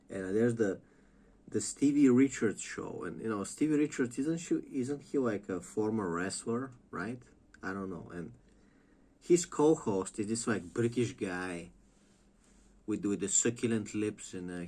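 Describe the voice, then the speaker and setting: Slow, low-voiced man ranting casually. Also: darkish tone. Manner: rambling, mocking, lots of filler and restarts. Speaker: wrestling commentary vlogger. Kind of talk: casual profane rant.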